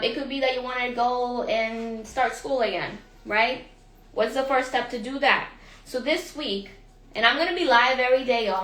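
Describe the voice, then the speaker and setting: A woman life and business coach giving a motivational live talk, energetic, repeating questions to her viewers and calling them y'all. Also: a little high, reverberant, low-quality recording.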